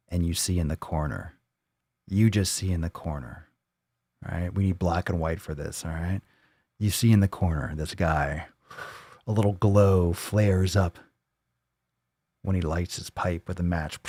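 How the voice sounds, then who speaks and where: A man hosts a live show, rambling loosely and cracking crude jokes as he goes. His voice sits on the low side, and the recording is dry with no room sound. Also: a little mellow, no room sound. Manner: rambling, joking, profane. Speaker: host. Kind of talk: casual livestream chat.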